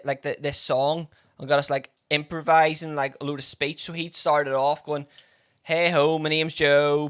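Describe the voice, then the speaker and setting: Sweary woman, lowish voice. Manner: sweary, animated storytelling. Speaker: podcast co-host. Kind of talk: casual chat.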